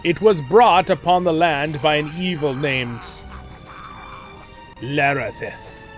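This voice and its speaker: A man's voice: fairly high pitch, slow pace, soft background music. A man voicing an earnest quest-giver, reading formal quest lines in a solemn tone.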